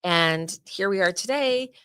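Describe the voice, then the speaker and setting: A woman's voice: medium pitch, animated, a little slow, sharp tone, clear, resonant tone, no room sound, clean studio sound. A woman with a New Jersey accent hosting a casual podcast interview, chatty and joking with loose asides. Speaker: podcast host.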